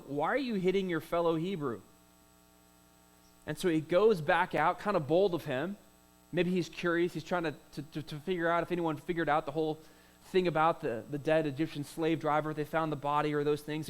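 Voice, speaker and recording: A man's voice: on the high side, fairly even intonation, a little fast, rough recording. A man preaching a sermon as pastor, in a conversational way with rhetorical questions, "uh" fillers and repeated words.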